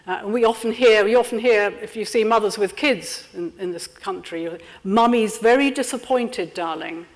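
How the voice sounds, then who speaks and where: A woman leading an interactive training workshop, lively and constantly checking in with her audience. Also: mid-range voice, brisk. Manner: lively, checks in with frequent "yeah?". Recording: lecture room with long reverb.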